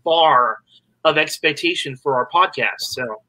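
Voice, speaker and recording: Upbeat guy cohosting a podcast, bright slightly high voice, lots of ums. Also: unhurried, rough recording. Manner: chatty, upbeat, lots of fillers. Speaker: podcast co-host. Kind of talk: casual chat.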